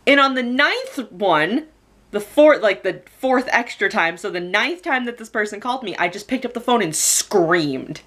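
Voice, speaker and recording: A woman's voice: fairly high pitch, lively intonation, unhurried, fairly bright tone. Chatty young woman telling a story. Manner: chatty, lots of "like" fillers, laughs while telling. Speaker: storytelling vlogger. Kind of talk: casual storytime vlog.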